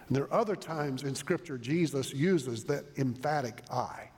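A man's voice: mid-range voice, moderate pace, hardly any pauses, darkish tone, husky. A man preaching a sermon, earnest and emphatic, often restarting his phrases as he explains a passage. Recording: long reverb of a large hall.

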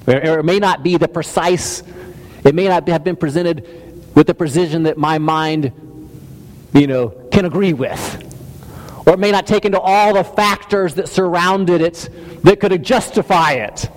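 A man's voice: fairly high pitch, unhurried. Man preaching in a reverberant hall. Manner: conversational, self-deprecating, many restarts and stammers. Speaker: pastor. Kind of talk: sermon. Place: church hall.

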